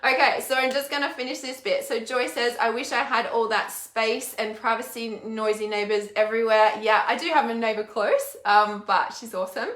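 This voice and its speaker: A woman with a slightly high, somewhat bright voice keeps a steady tone and moderate pace with few pauses in a reverberant room. Hosting a casual live stream as an intuitive healer and mentor, she reads comments aloud, swears freely and rants with emphatic repetition.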